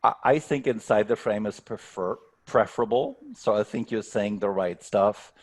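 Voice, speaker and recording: A man's voice: lowish voice, normal speed, a little mellow. A man coaching on a video call, giving earnest advice and often restarting his sentences. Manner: earnest, stumbling restarts, leaning on key words. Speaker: speaking coach, workshop guest.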